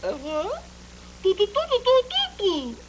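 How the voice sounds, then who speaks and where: A man's voice: huge pitch swings, measured pace, a little hiss or hum, heavily acted, poor audio. A man voicing a grand, theatrical lady octopus in a 1970s TV puppet show, gushing and tearfully effusive. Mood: fussing. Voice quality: high fluttery gushing voice.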